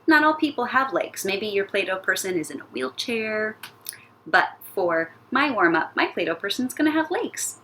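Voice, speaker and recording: A woman teaching an elementary music class, guiding young children through a playful warm-up with sing-song sound effects. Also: mid-range voice, big pitch swings, moderate pace, slight background noise. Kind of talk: recorded lesson for young children.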